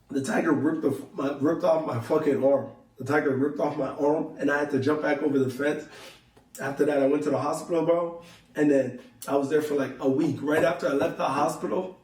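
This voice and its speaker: A young man tells a long personal story in loose, slangy talk, acting out what he and his friend said to each other. His voice is mellow and dark rather than bright. The recording sounds roomy, with him sitting a little back from the mic. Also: fairly high pitch, distant mic. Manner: loose slangy storytelling, acts out both sides of conversations. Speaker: vlogger telling a story. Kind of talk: casual storytelling to camera.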